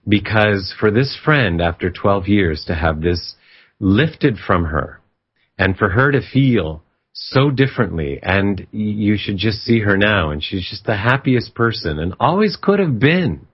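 A man's voice: on the low side, big pitch swings, measured pace, slightly rough. A man casually telling a story in an emphatic, reflective way, often retelling a conversation. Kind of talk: casual spoken storytelling monologue. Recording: slightly dull lo-fi recording.

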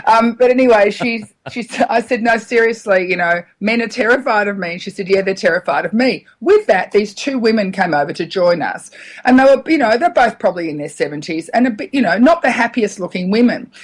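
A middle-aged woman, a radio comedian, telling stories in a casual interview, animated and laughing often. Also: medium pitch, a little fast.

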